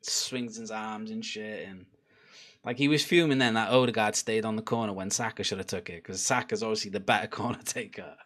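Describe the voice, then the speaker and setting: A man's voice: fairly low pitch, fast talker, fairly bright tone. A young man giving a casual live reaction to a football match, chatty and laughing, swearing and urging on the players. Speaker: football watchalong streamer.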